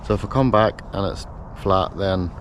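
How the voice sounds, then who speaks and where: A man's voice: low-pitched, moderate pace, noisy background. A man vlogging outdoors before a run, rambling and correcting himself as he thinks aloud. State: out of breath while running. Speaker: running vlogger. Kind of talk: casual self-filmed vlog. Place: outdoors, in a park. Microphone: handheld camera mic.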